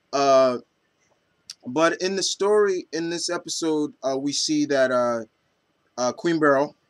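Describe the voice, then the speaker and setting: A man's voice: mid-range voice, no echo. Hesitant, enthusiastic male anime vlogger. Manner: hesitant, many ums and restarts; enthusiastic fan. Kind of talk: casual chat.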